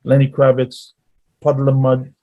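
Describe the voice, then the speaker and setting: Male guest musician, rambling storyteller, mid-pitched voice. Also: monotone, normal speed, warm tone. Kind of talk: casual interview chat.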